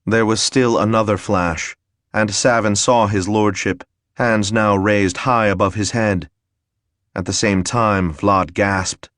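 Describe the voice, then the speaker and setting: Low-voiced male audiobook narrator. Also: fairly even intonation, slow pace, fairly bright tone, dry recording, clean studio sound. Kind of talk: scripted narration.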